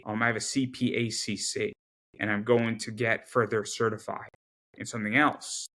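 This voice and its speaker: A man as an interview guest in casual chat, talking emphatically with many quick repeated restarts. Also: lowish voice, flat delivery, bright, forceful tone. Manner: rapid repetitive restarts, emphatic.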